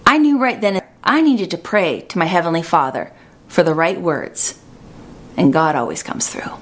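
A woman preaching a sermon in an earnest, measured way, slowing down for emphasis. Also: mid-range voice.

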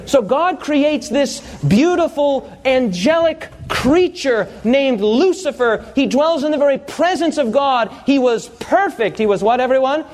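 Very high-voiced preaching man. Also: expressive, a little slow, few pauses, a little mellow. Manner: storytelling, humorous, quizzes the congregation. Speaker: pastor. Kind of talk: sermon.

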